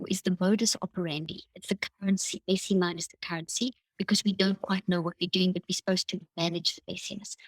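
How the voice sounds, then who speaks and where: A woman's voice: on the low side, dry recording, rough recording. A woman, a neuroscientist guest in an interview, explaining at length and acting out inner self-talk in quoted lines.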